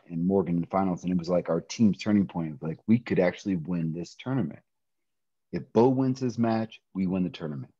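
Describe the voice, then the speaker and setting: A middle-aged man telling a personal story in a podcast interview, animated, often laughing and acting out quoted voices. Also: low voice, breathy edge, no echo, muffled recording. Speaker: interview guest, pro wrestler.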